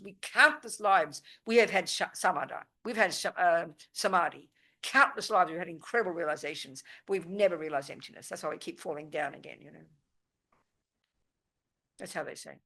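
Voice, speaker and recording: Forthright woman teaching with a bright, forceful voice. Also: fairly low pitch. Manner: emphatic and forthright, often checking "do you understand?". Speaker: Buddhist teacher at a retreat. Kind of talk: live dharma teaching with questions and answers. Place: meditation center teaching room.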